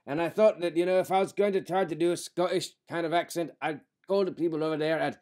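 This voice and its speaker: A man's voice: fairly high pitch, fairly even intonation, fast, darkish tone. A man co-hosting a casual talk show and teaching acting, bantering and upbeat. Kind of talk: playful casual chat.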